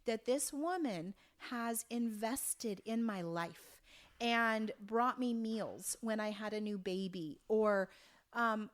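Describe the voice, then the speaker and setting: A woman in her fifties from Oregon, a podcast guest telling a story in an earnest, halting way with many restarts. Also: fairly high pitch. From Oregon, USA. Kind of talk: conversational storytelling.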